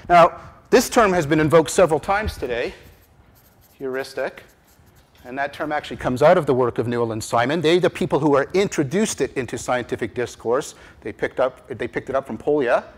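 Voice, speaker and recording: A man giving a conference lecture on cognitive science, with animated emphasis, rhetorical repeated questions and frequent restarts. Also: on the high side. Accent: Canadian English. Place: lecture room.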